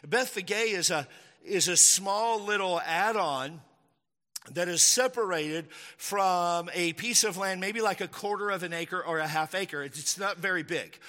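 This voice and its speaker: Animated male preacher, high crisp voice, mid-sermon in a church, echoing hall. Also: a little slow. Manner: animated, acts out the disciples' lines in a raised voice. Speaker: pastor. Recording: echoey hall with long reverb.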